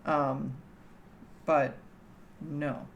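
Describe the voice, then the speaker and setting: Canadian gal streaming from home, kinda low voice, slow and easy, laughs a lot. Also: female voice, flat delivery, vocal fry, highs cut off, slight background noise. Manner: chatty, laughs often, teasing. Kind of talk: casual chat with a livestream chat.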